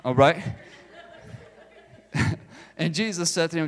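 A man preaching a sermon in a high voice. He presses his points with rhetorical questions again and again. The delivery is emphatic and direct. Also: takes it slowly, long pauses. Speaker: pastor.

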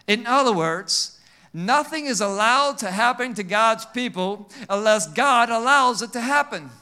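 A male pastor preaching a sermon with call-and-response amens, swinging between emphatic and quiet passages. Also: very high-pitched, expressive, unhurried, smooth.

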